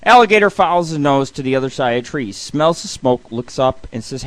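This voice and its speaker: A man's voice: medium pitch, a little fast, hardly any pauses, fairly bright tone, dry recording. A middle-aged man hosting a radio show, telling jokes and reading comic lists in a loose, swearing manner. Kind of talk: casual comedic radio monologue.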